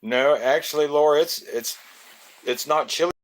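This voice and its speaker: A man's voice: a little high, moderate pace. Laid-back man chatting live. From Florida. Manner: loose, joking, greets viewers by name. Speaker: live stream host. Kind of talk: casual live stream chat.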